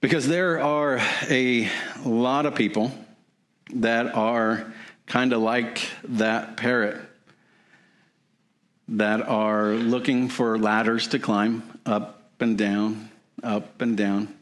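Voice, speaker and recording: A man's voice: mid-range voice, steady tone, takes it slowly. A man preaching, telling a long joke as an illustration, rambling and repetitive with many restarts. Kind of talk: sermon storytelling.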